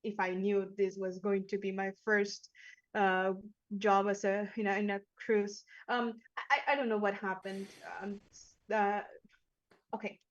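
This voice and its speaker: A woman's voice: medium pitch, flat delivery, measured pace, no room sound, highs cut off, natural voice. A woman voicing a nervous young male cruise staff member who stammers and rambles. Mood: flustered.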